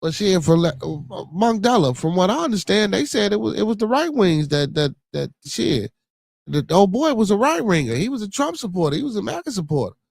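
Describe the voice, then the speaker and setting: A man's voice: sits high, sing-song, fairly quick, vocal fry, a little mellow. A man with a Chicago accent hosting a podcast, chatting casually in a rambling, profane way and reading news stories aloud. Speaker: podcast host.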